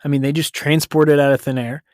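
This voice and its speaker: An American man hosts a podcast, his voice pitched a little high with a flat, slightly mellow delivery, recorded clean in a studio with no echo. He retells a story casually and loosely, correcting himself as he goes and tossing in quick paraphrased quotes.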